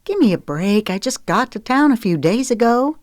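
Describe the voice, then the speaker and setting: A woman reading the part of a defensive, sharp-tongued divorced mother in an audiobook, in a dry recording. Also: on the high side, animated, normal speed, dry recording, voice pushed up, natural voice.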